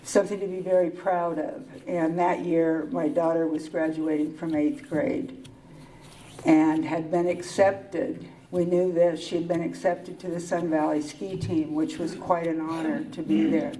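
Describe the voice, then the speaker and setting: An older woman speaking candidly at a recovery meeting, telling her personal story in a wry, halting way with pauses and restarts. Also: sits low, level tone, dark tone, recorded from a distance, low-quality recording.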